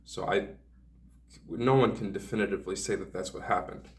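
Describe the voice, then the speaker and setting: A man with a somewhat low voice tells a rambling personal story, drifting into sardonic, hedging asides. He sounds a little distant from the microphone. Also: moderate pace. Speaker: vlogger.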